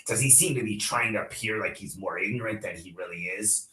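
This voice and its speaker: A man's voice: lowish voice, brisk, bright, forceful tone, voice pushed up. A man voicing a suspicious male investigator who presses with questions, read aloud to a class. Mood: probing. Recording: echoey room.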